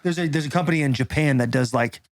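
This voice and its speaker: A young man co-hosting a podcast, relaxed and chiming in with short agreements and casual asides. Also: a little high, quick pace, a loud crowd. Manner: laid-back, chimes in with short agreements. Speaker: podcast co-host.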